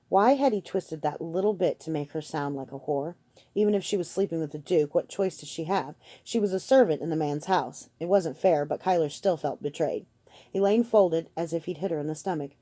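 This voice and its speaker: A woman reads a novel aloud in a steady, measured narration. Her voice is low and mellow. The recording is close and dry, with no room sound. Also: no echo. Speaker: audiobook narrator. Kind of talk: audiobook reading.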